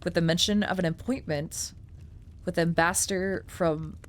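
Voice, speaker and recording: A woman's voice: on the low side, steady tone, normal speed. A woman streamer reading a document aloud, breaking off into chatty, filler-heavy asides and casual swearing.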